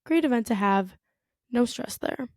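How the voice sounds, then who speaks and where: A young woman from the United States chats through a solo podcast episode, her voice sitting a little high. She rambles in an easygoing way, dropping "like" and "you know" often, recorded close and dry with no room sound. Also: lively intonation, measured pace, darkish tone, no room sound. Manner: chatty, lots of "like" and "you know". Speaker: podcast host. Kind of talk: casual solo podcast monologue.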